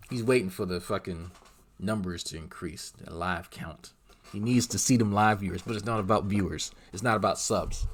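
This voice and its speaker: A man's voice: fairly low pitch, moderate pace. Crude sarcastic male commentator. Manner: mocking, crude, ranting. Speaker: commentary channel host.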